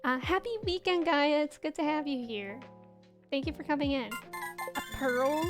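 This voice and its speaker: A woman's voice: high-pitched, normal speed. A young woman streaming a farming game, chatting casually, giggling and greeting her viewers as she plays. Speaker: livestreamer. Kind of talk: casual chat while playing a game. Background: faint game music.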